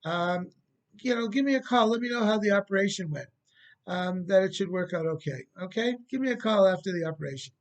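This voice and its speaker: Brief: a man doing a measured, puzzled professor, fairly high voice. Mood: reassuring. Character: skeptical Jewish male professor from England.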